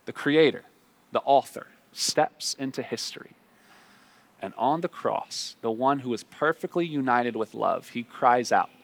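Man preaching with swelling intensity. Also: gravelly. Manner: dynamic preaching, rising loud for emphasis then dropping low and quiet; reads scripture aloud in a hushed, slow voice. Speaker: pastor. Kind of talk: sermon.

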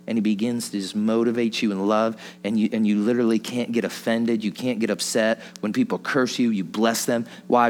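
Brisk and with few pauses, a man with a mid-range voice preaches in a casual, chatty way. He laughs through his stories and throws out rhetorical questions.

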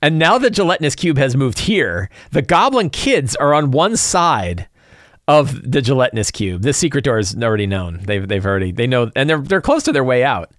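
A man's voice: mid-range voice, fairly bright tone, no echo, clean studio sound. A man preparing his tabletop game session, rambling with many restarts in casual talk. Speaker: game master.

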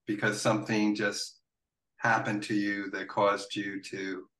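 A man hosting a comedy podcast interview, speaking in a halting way with many fillers. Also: on the low side, level tone, pushed and bright, echoey room. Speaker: podcast host. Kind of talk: casual interview.

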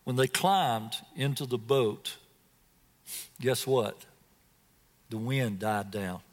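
Taking his time, a guest preacher with a medium-pitched voice dramatically relates a scripture story. The big-room acoustics carry his sermon as he questions his listeners directly.

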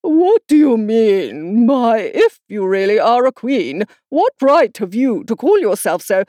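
A woman plays a stern storybook queen who scolds and commands with a sharp tongue. The voice has a dark, mellow tone that swings widely in pitch. It sounds dry and close, in a dead room. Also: very animated, a little slow, dry recording. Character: stern imperious adult female queen. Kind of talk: audiobook character voice.

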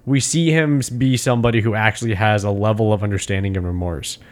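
A man's voice: lowish voice, fast talker. A man co-hosting a casual podcast, recapping a film scene and acting out the characters' lines with lots of swearing. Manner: animated, acts out characters' lines, swears freely. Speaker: podcast co-host. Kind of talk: casual movie recap chat.

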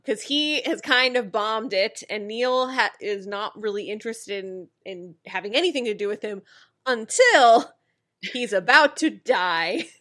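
A woman's voice: mid-range voice, a bit bright. A woman co-hosting a casual podcast, recapping a TV episode in a chatty way, often restarting her sentences and laughing as she talks. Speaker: podcast co-host.

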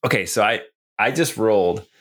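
A man narrating as game master of a tabletop role-playing game, relaxed, with filler ums. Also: lowish voice, moderate pace.

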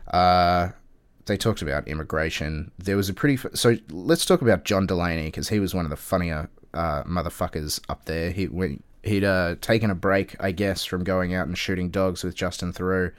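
A man with a very low, resonant voice talks through political events in a casual, sarcastic way. He swears often and hesitates with many fillers. The sound is dry and close. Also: moderate pace, clear, resonant tone, no echo. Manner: wry, sarcastic and profane, lots of fillers. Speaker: political commentator.

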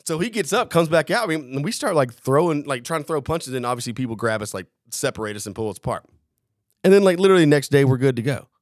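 A man's voice: mid-range voice, lively intonation, fast talker, no echo. A man spinning a rambling, swear-filled story on a casual podcast, breaking into laughs and acting out both sides of an argument. His voice sits in a middle register and is recorded dry and close. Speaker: podcast co-host, former Marine.

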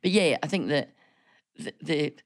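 A middle-aged Scottish woman, a business leader and radio guest, telling stories in an animated, chatty way with frequent restarts. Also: sits low, a little slow, no echo, clean studio sound. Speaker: business chamber chief executive, guest. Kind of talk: casual radio chat.

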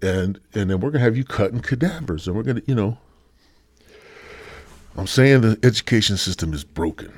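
A man's voice: lowish voice, lively intonation, fairly quick, pauses often, slightly rough, no echo. A man hosting his own podcast alone, rambling and swearing constantly, sighing and feeling a little sick as he talks. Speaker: podcast host. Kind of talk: rambling solo podcast rant.

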